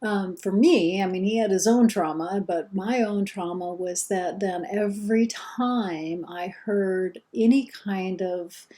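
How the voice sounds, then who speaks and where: Mellow middle-aged woman teaching earnestly. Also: mid-range voice, takes it slowly, hardly any pauses. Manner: earnest, conversational, self-correcting. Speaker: instructor. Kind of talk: recorded course lecture.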